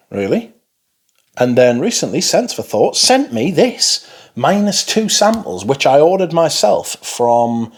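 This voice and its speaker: A man's voice: medium pitch, a little mellow, slightly rough. A man from Newcastle, rambling casually to camera as a fragrance reviewer, swearing freely and calling viewers his friends. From Newcastle, England.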